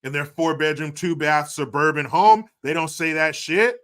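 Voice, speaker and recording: A man hosting an opinionated commentary video, profane and mocking, swinging between loud outbursts and low muttered asides. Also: fairly even intonation, moderate pace.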